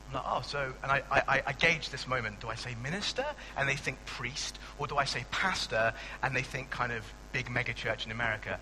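A young man, a pastor giving a conversational sermon with animated asides and frequent restarts. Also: mid-range voice, quick pace, few pauses, long reverb tail, noisy background. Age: young adult.

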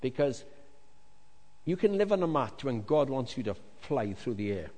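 A male pastor preaching a lively sermon to a congregation, with jokey asides, swinging from loud to hushed. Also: medium pitch, moderate pace. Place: large hall with congregation. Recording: long reverb of a large hall.

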